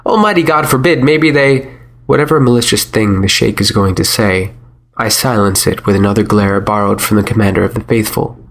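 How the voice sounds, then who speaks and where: A man narrating a first-person story in a measured, wry manner. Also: lowish voice, steady tone, creaky.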